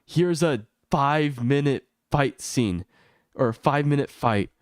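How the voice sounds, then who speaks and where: Smooth-voiced man ranting, exasperated. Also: measured pace, no echo, clean studio sound. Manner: exasperated, swearing rant that climbs high when heated. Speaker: gaming streamer. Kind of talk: unscripted ranting stream commentary.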